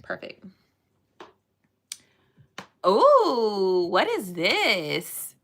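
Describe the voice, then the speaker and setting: A woman's voice: fairly low pitch, lively intonation, moderate pace, sharp tone, slight background noise. A young woman chatting playfully with her live-stream chat and reading animal facts aloud.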